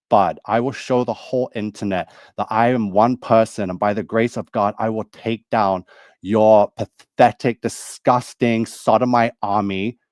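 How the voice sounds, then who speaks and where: A man speaks in a low voice, heated and accusing, going over the same points again and again. The recording is dry and close, with no room sound at all. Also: darkish tone, dry recording. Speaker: video creator. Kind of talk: angry monologue to camera.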